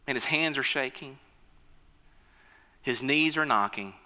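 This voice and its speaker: A man's voice: medium pitch, a little slow, pushed and bright, big-room sound. A man preaching a sermon, emphatic, telling a story and calling on his listeners. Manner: emphatic, storytelling, calls on the congregation.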